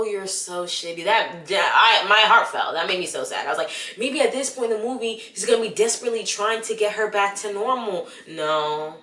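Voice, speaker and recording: Animated young woman, bright voice. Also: medium pitch, echoey room. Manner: animated, exasperated, talks straight to the viewer. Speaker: vlogger. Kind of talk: casual movie review rant.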